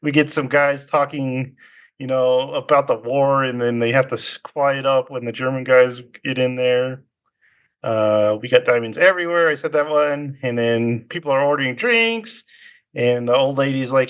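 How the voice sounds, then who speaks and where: A man's voice: mid-range voice, normal speed, smooth. A man co-hosting a podcast, casually recapping a film in a loose, chatty way and laughing often. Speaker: podcast co-host.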